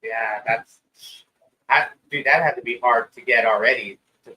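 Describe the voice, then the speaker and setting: A man's voice: mid-range voice, normal speed, bright, forceful tone, far from the mic, low-quality recording. Laid-back man chatting on a podcast. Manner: laid-back, chimes in with short agreements. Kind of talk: casual chat.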